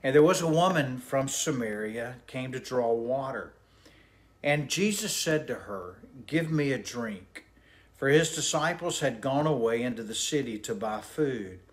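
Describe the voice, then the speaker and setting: A pastor with a Southern American accent reads a Bible passage aloud, then explains it in a relaxed, conversational way with fillers and asides. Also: male voice, mid-range voice, unhurried. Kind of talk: devotional Bible reading and commentary.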